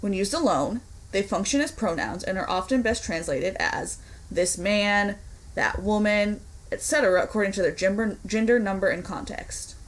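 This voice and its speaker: A young woman teaching a recorded online Latin lesson, explaining grammar clearly and deliberately, with the odd slip of the tongue. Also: medium pitch, poor audio. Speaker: Latin instructor.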